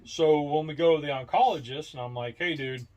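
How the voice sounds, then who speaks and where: Middle-aged male podcast co-host, a bit high-pitched, rambling storyteller who acts out his quotes. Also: brisk, dark tone. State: brain fog. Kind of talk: casual chat.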